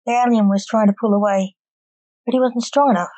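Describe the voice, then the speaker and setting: Mellow woman reading a story aloud. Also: a little high, steady tone, a little fast, no room sound, low-quality recording.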